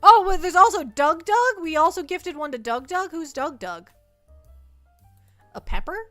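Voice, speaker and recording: A woman streamer chatting casually on a livestream, excitable and giggly, often stammering and restarting. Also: extremely high pitch, unhurried, faint music behind. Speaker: VTuber streamer.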